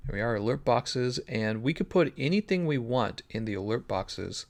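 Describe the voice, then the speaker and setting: A man's voice: medium pitch, expressive, normal speed. A man streaming a game live, chatting casually, joking, thinking aloud and answering his viewers' questions. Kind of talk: casual live-stream commentary while playing.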